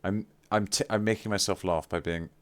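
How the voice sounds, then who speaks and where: A man's voice: on the low side, fairly even intonation, fairly quick, a bit bright. A man chatting casually on a live stream, effusive and playfully teasing. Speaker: livestreamer.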